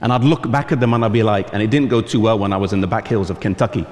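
A man's voice: on the low side, fairly even intonation, rapid-fire. A man with an English accent, a pastor, preaching a sermon and telling stories with acted-out voices. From England. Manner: storytelling, acting out quoted voices. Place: camp meeting hall. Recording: long reverb in a large hall.

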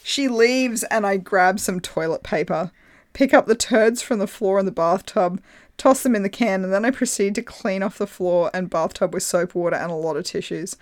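A woman at a middle pitch reads a story aloud to her co-host with amused delivery. She acts out quoted voices as she goes. The recording is close and dry. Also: moderate pace, dry recording. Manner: amused reading, breaking into laughs, animated voices for quotes. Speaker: podcast host reading a story. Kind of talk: reading a story aloud with commentary.

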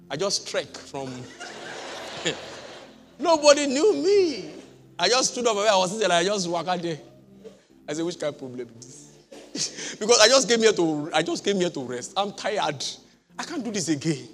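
A middle-aged pastor tells his own testimony from the pulpit in a high, ringing voice. He jumps from loud exclamations to hushed asides and laughs often. Soft music plays underneath. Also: big pitch swings, brisk. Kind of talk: sermon with personal testimony.

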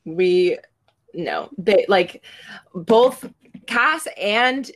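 A woman's voice: mid-range voice, expressive, very slow. A young woman in her twenties co-hosting a podcast. She chats casually and pads her sentences with "like". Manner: chatty, fills talk with "like". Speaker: podcast co-host. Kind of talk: casual chat.

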